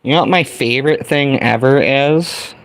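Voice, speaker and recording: Speaking at a moderate pace with a medium-pitched voice, this American livestream host is a middle-aged man assembling a small kit. He keeps up a folksy, casual chat and talks directly to the people watching.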